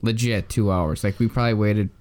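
A man's voice: lowish voice, a little fast. A young man, a podcast guest telling jokey stories in casual chat. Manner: animated, jokey, trailing off.

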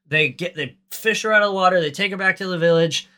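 A man's voice: high voice, quick pace, pushed and bright, clear, resonant tone. A man co-hosting a podcast, recapping a movie in casual chat with a ranty, profane, sarcastic manner. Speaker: podcast co-host.

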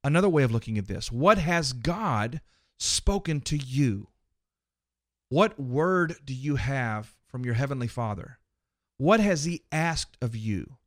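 A man's voice: mid-range voice, expressive, a little slow, no room sound, clean studio sound. Emphatic man preaching a sermon. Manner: emphatic, repeats phrases for rhythm, addresses listeners directly. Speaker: podcast host and preacher. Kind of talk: motivational sermon.

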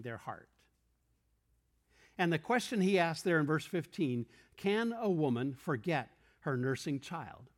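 A man preaching a sermon in a church room, earnest and explanatory, posing questions and quoting verses to the congregation. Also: fairly high pitch.

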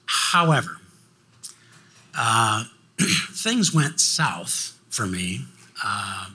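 An older man telling a personal story in a halting way, often repeating words. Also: mid-range voice, bright, forceful tone, breathy edge. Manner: halting, repeats words, acts out quoted voices. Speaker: guest speaker.

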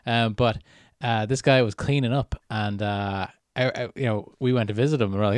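A young man with an Irish accent, co-hosting a podcast and telling stories in a casual, animated way with frequent laughter. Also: fairly low pitch, normal speed, hardly any pauses, no room sound, studio quality. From Ireland. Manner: animated storytelling, puts on voices in anecdotes, laughs often. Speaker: podcast co-host. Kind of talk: casual chat.

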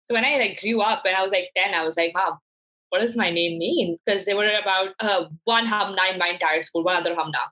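Brief: young adult woman guest, animated storyteller who laughs and does quoted voices, mid-pitched. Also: fast talker, few pauses, dull audio. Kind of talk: casual conversational storytelling.

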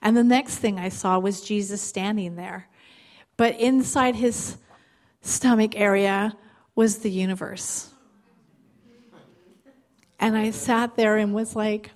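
A woman guest speaker at a church gathering, reading scripture and telling a personal faith story in a lively, animated way. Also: on the high side, measured pace. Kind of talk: devotional talk with scripture reading.

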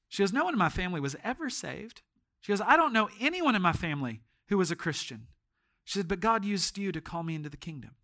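A man preaching a sermon in a church as pastor, telling stories and swinging from hushed tones to shouts. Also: high voice, very animated, fast talker.

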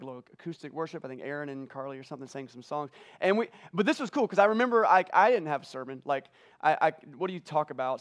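Fast-talking emotional male pastor. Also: on the high side. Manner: emotional, conversational, repeats words. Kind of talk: sermon storytelling. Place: church auditorium.

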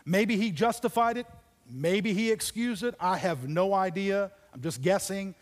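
A man preaching a sermon, telling a story with dramatic pauses and dropping to near whispers for emphasis. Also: high voice, long reverb tail. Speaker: pastor. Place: church auditorium.

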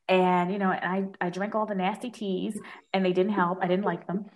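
A woman from New York, a dermatologist guest in an interview, telling her story in a lively way and laughing often. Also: medium pitch, normal speed.

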